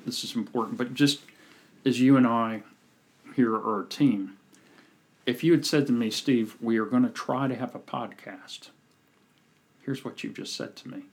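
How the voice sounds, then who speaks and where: A man with a slightly husky, breathy voice coaches on a podcast. He tells his stories in a relaxed, conversational way. He brings them to life by playing the people he quotes. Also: medium pitch, normal speed, long pauses. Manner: animated storyteller, acts out quoted people. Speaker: podcast guest, communication coach. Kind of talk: casual storytelling chat.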